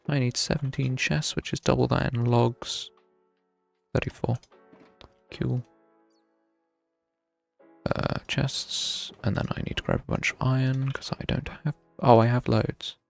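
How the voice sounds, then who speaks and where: Young man, gravelly casual streamer. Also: mid-range voice, level tone, slow pace, faint music behind. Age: young adult. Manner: chatty, thinks aloud while playing, wry self-mockery. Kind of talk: casual live gameplay commentary.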